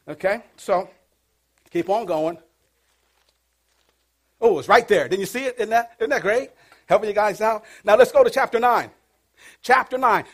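A middle-aged pastor preaching a sermon, with playful call-and-response to his congregation. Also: high voice.

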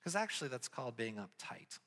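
Animated man preaching in a reverberant hall. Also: medium pitch, fairly quick. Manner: animated storytelling, voice rising when excited. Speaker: pastor. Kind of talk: casual sermon.

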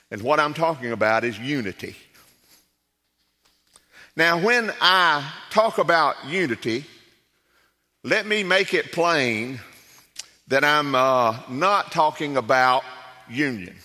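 A man's voice: a little high, sharp tone, in a large hall. A man from South Carolina preaching as a guest, in a folksy, conversational way with many fillers. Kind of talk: sermon with folksy storytelling. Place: church sanctuary.

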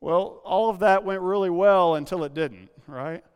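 A pastor preaching a sermon, telling a personal story in a confessional way with frequent restarts. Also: male voice, high voice, moderate pace, a little mellow, clean tone. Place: church sanctuary. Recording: long hall reverb.

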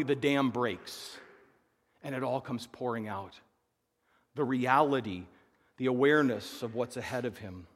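Guy preaching a sermon, high voice, long echo like a big church hall, earnest, gets loud then goes real quiet. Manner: earnest, swings between emphatic and hushed. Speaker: pastor.

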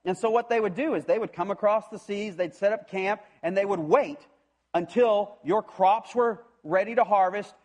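High-voiced preacher telling a story. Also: male voice, moderate pace. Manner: animated storytelling, acts out voices, frequent restarts. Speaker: pastor. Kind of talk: sermon.

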